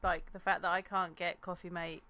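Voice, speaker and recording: A young woman co-hosting a podcast in casual chat, playful and quick with agreement and laughter. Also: fairly low pitch, flat delivery, over a noisy crowd. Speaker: podcast co-host.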